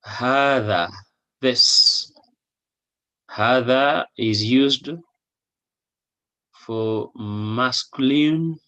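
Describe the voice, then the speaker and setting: A man's voice: medium pitch, sharp tone. A man teaching a recorded language lesson, explaining patiently, repeating each example and checking understanding with a questioning "hmm?". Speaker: Arabic teacher.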